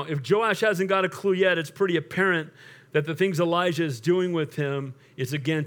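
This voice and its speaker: A middle-aged man with a high voice preaches to his congregation. He tells stories and acts out the figures in the passages he quotes. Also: a bit bright. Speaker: pastor. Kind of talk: sermon.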